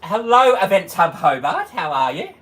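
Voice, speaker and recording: A man's voice: sits high, very animated, moderate pace, fairly bright tone. A man hosting a casual livestream, greeting viewers one by one and laughing often as he chats. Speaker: livestream host.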